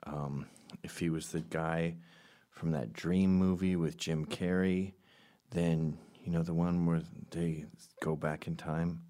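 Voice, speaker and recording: A comedian doing a rambling, sarcastic comedic monologue with deadpan asides, jumping into loud, high voices for the people he quotes. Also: takes it slowly.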